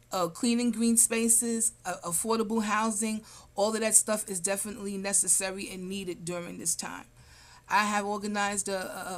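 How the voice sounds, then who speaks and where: A city council candidate with a medium-pitched voice answers interview questions over a video call. Her responses ramble, packed with fillers and restarts.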